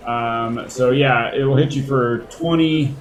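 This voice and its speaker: A man running a tabletop game as dungeon master, unhurried and chuckling as he thinks aloud between dice rolls. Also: medium pitch, a little hiss or hum.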